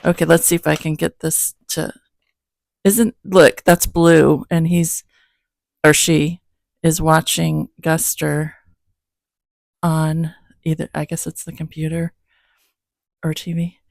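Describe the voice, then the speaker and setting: A woman chats casually at a slow, unhurried pace, her voice slightly low with a gravelly fry. The sound is dry and close. She rambles, restarts her sentences and makes small self-deprecating asides as she hosts her own show. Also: flat delivery, no room sound. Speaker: host of a Bible-reading channel. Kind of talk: casual chat.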